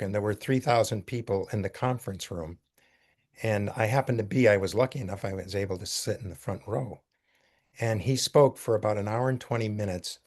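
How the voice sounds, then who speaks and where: An older man telling a story in a casual talk, earnest and halting, with many fillers. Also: on the low side, a little mellow. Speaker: speaker taking questions.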